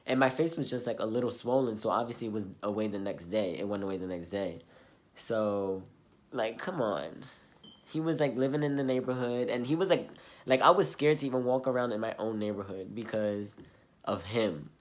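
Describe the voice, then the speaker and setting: A man's voice: lowish voice, moderate pace. Earnest young man rambling through a story. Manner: rambling, filler-heavy, earnest. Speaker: vlogger. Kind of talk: casual storytime monologue.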